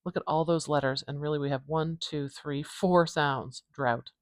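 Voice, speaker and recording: A woman from Canada teaching phonetics at home in a calm, unhurried lesson inspired by ASMR. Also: deep voice, dry recording, clean studio sound. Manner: calm, unhurried, explains step by step. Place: home room.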